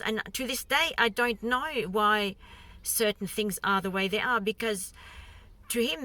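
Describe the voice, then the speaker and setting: A woman's voice: on the high side, pushed and bright, no room sound. A woman vlogger earnestly recounting her own experience in a personal story told to camera.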